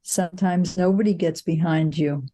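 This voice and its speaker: A woman's voice: on the low side, fairly even intonation, normal speed, dark tone. An older woman, a film producer, answering interview questions with reflective stories and frequent restarts. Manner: reflective storytelling, frequent "you know" and restarts.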